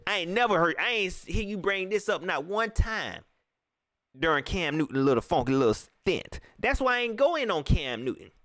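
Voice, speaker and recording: A man's voice: high voice, sing-song, moderate pace, fairly bright tone, no echo, clean studio sound. A man hosting a post-game livestream, ranting in repetitive casual slang. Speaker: livestream host.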